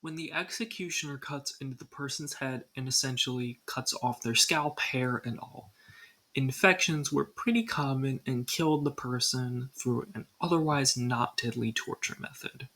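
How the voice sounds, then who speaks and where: Husky, bright-voiced woman narrating a countdown. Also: very deep voice, normal speed, rough recording. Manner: casual, dry asides. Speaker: video creator. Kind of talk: scripted ranking narration.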